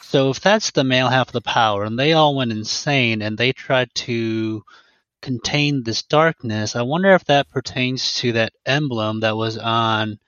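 A man's voice: medium pitch, measured pace, a bit bright, clean tone, no echo. A man thinking aloud on a casual book podcast, musing over theories. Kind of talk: casual book-club chat. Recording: dry, dull lo-fi sound.

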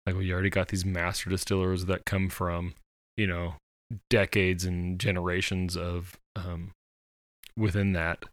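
A man's voice: low-pitched, little pitch movement, moderate pace, no echo. A man co-hosting a casual podcast chat, rambling with many fillers and restarts. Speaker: podcast co-host.

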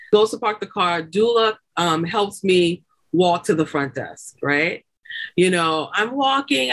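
Woman telling a lively, laugh-filled story. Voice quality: expressive, acts out quoted people with high, loud bursts. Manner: chatty, laughing often, many fillers like "like" and "you know". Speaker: podcast guest. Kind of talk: animated birth story told in casual chat.

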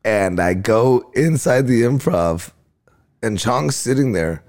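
A man's voice: mid-range voice, lively intonation, slow pace, darkish tone. A male comedian telling stories in casual chat, laid-back and slangy, acting out what others said. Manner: laid-back slangy storyteller, acts out quotes. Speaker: comedian and podcast guest.

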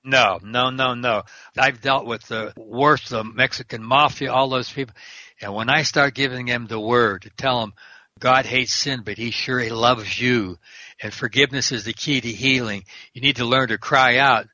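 A man's voice: mid-range voice, steady tone, normal speed, pushed and bright, no echo. An older man, a prison minister and guest, talking fervently in an interview and quoting scripture verse by verse. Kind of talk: preaching interview talk.

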